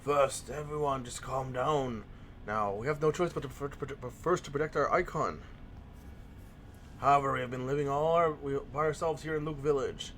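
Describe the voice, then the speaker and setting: A man voicing a cautious elderly male village chief in a slow, measured way while reading game dialogue. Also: medium pitch, a bit bright, a little hiss or hum, close to an everyday voice. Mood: calming.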